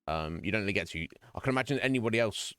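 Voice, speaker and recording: Deep-voiced man chatting on stream. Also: animated, rapid-fire, fairly bright tone, dry recording, clean studio sound, faint music behind. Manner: earnest, rambling, with frequent restarts. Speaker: streamer talking to chat. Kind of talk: casual chat. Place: home streaming room.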